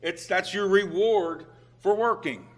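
A middle-aged man preaching a sermon in a conversational way, full of restarts, moving between hushed and emphatic delivery. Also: high-pitched, measured pace.

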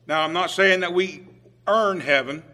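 A middle-aged man delivers a sermon in a loose, conversational manner, stumbling and restarting, dropping low and then rising to emphatic points. His voice sits a little high and has a bright, forceful edge. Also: a little slow. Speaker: preacher.

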